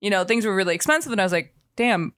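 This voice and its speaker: A woman's voice: mid-range voice, racing. A woman co-hosting a casual movie podcast, telling stories with lots of laughter. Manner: laughs often, animated storytelling. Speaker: podcast co-host. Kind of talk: casual chat.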